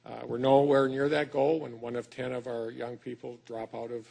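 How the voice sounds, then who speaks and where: A man's voice: medium pitch, level tone, moderate pace, gravelly, mellow. A middle-aged man from Wisconsin with a Wisconsin accent, giving a folksy, self-deprecating conference speech as a state schools superintendent, with many fillers and restarts. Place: lecture hall.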